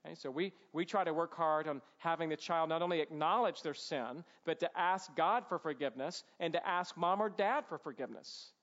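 Man, fairly high voice, earnest Christian-parenting teacher, numbered talk, muffled lo-fi audio. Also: fairly bright tone. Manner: earnest, emphatic, quick asides. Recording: dull lo-fi sound.

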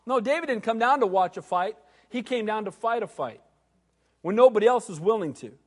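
A man with a notably high voice preaches a sermon in a hall with a long, ringing reverb. He reads scripture and then bursts into animated retellings, voicing the characters himself. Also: a little fast. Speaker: pastor.

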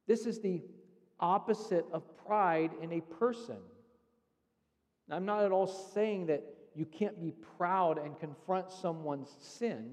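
A male pastor preaches a sermon in an earnest teaching manner, walking through scripture step by step. His darkish voice is slightly raised in pitch and rings with the long reverb of a church sanctuary.

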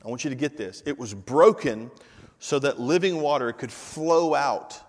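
A man preaching a sermon with emphatic, repetitive delivery that builds to loud climaxes, with casual asides to the congregation and the slide operator. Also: medium pitch, moderate pace. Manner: informal asides to the congregation and tech team. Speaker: pastor. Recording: long reverb of a large hall.

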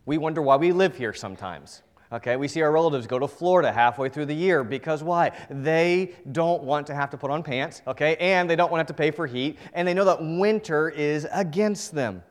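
A male pastor from New England preaching a sermon to his congregation, earnest and direct, swinging between hushed and emphatic delivery. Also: a little high, a little fast.

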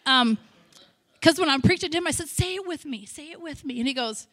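Bright-voiced woman preaching with emotion. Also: high voice, lively intonation, a little fast, dry recording. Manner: emotional storytelling, bursts into loud shouted praise; chatty, self-interrupting asides. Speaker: missionary speaker. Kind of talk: sermon.

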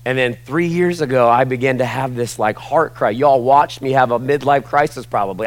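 A pastor in his forties talks to his congregation in a church sanctuary with a medium-pitched voice, keeping a moderate pace with few pauses. His sermon is casual and conversational, peppered with "like" and "y'all," and there's no room sound.

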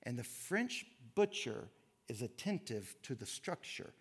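A man giving a sermon lecture, telling stories and reading quotes with lively emphasis. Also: medium pitch, a little slow, slightly rough. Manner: animated storytelling, reads quotes with emphasis. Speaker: pastor.

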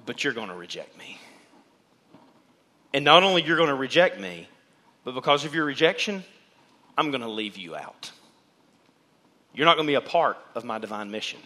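A man preaching a sermon to his church as pastor, animated, and he acts out the voices of the people in the pews. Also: medium pitch. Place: church sanctuary.

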